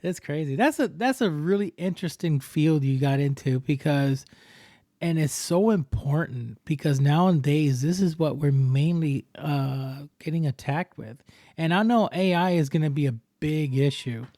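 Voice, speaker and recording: Higher-pitched guy hosting a podcast, jokey and laughing a lot, dry close sound. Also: normal speed, warm tone, dry recording. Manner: jokey, acts out scam calls in silly voices, laughs often. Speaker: podcast host. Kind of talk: casual chat.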